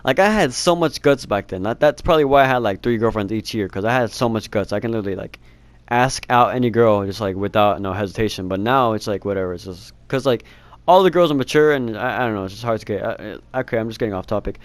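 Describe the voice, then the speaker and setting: A man's voice: lowish voice, fast, no echo. A teenage boy telling a rambling storytime, laughing and swearing casually. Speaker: vlogger.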